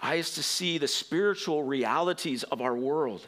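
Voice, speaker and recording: Animated pastor preaching, bright high voice. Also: male voice, a little slow. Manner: animated, swings from quiet to shouted emphasis, laughs at himself. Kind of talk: sermon.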